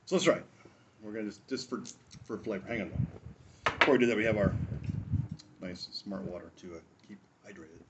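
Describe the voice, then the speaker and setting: A man's voice: on the low side, a little fast, pauses often, background noise. A man hosting a casual drinks review show, rambling through a tasting with jokes, asides and chuckles.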